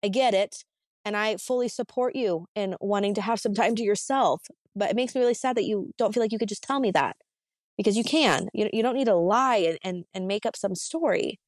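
Woman retelling a betrayal, animated. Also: mid-range voice, brisk, no echo, clean studio sound. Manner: animated, acts out both sides of a phone argument. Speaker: guest. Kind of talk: casual podcast storytelling.

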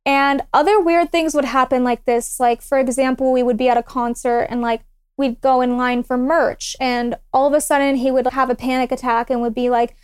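A young woman with a high, clear, smooth voice tells a personal story on a podcast. She talks in a relaxed, chatty way and acts out other people's lines as she goes. The sound is close and dry. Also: a little fast, dry recording. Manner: animated, acts out quoted dialogue. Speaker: guest. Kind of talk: casual storytelling.

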